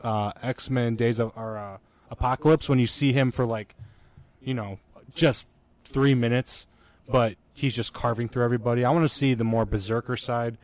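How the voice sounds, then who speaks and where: A man's voice: mid-range voice, steady tone, normal speed, a little mellow, dry recording. Man, casual chat, rambling, hesitant fillers, dry sound.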